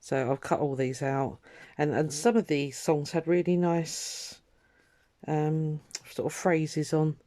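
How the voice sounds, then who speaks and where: A woman's voice: low-pitched, fairly even intonation, takes it slowly, mellow. A woman vlogging her crafting in casual, rambling chat, trailing off and restarting her thoughts with lots of ums. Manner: rambling, chatty, self-interrupting with ums.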